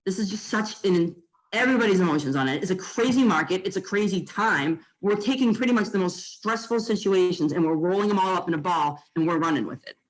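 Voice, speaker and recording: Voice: medium pitch, quick pace, low-quality recording. A real estate agent, giving a casual, blunt training talk to fellow agents and full of fillers and mild swearing.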